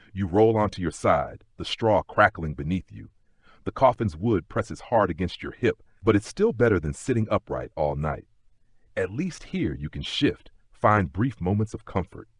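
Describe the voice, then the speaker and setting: A man narrating a history sleep story in a slow, gentle second-person telling. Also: sits low, breathy edge, no room sound.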